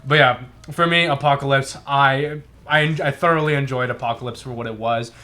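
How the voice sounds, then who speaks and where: A young man co-hosting a casual movie review chat, excitable, laughing often and swearing freely. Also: medium pitch, brisk. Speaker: podcast co-host.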